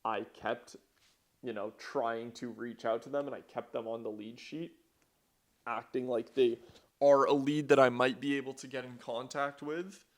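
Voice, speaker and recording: A man's voice: mid-range voice, steady tone, normal speed. A young man talking casually in a vlog about his business, rambling and swearing, with frequent restarts. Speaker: vlogger, entrepreneur.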